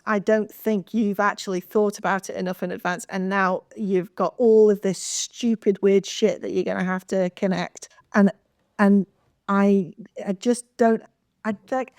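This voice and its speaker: A woman's voice: medium pitch, normal speed, a little mellow, no room sound, studio quality. A woman panelist in a casual podcast chat, blunt, emphatic and swearing freely.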